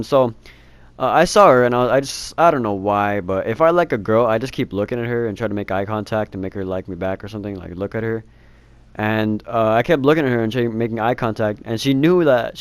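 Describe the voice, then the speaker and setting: A man's voice: mid-range voice, smooth, no room sound. A teenage boy telling a rambling storytime, laughing and swearing casually. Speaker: vlogger.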